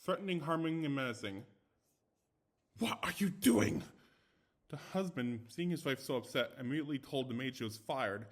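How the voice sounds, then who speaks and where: A man's voice: mid-range voice, quick pace, hardly any pauses. Young man casually reading ghost stories. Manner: chatty, self-commenting, stumbles and restarts. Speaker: story reader. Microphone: no dedicated microphone.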